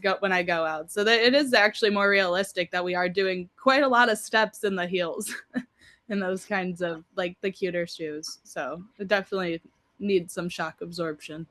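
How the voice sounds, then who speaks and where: A woman's voice: lowish voice, moderate pace, fairly bright tone. A woman co-hosting a podcast, chatting casually and often filling her talk with "like". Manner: chatty, many "like" fillers. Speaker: podcast co-host. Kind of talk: casual chat.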